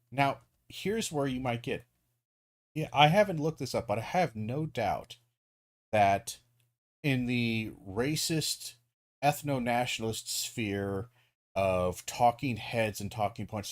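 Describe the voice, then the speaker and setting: A man with a fairly low voice talks through a video as a commentator, rambling along with plenty of ums, restarts and the occasional curse. The recording is dry and close, with no room sound. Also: no echo. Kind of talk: casual commentary.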